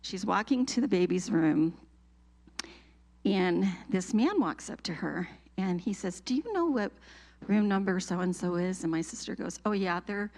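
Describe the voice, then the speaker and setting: A middle-aged woman sharing an emotional personal testimony with a church group, telling it with animated feeling and laughs. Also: lowish voice, measured pace, vocal fry.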